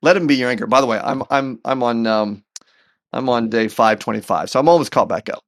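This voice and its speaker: Animated gravelly-voiced man telling a story. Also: mid-range voice, a little fast. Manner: animated, repeats words while telling a story; faith-centered, earnest. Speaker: podcast guest. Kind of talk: storytelling in conversation.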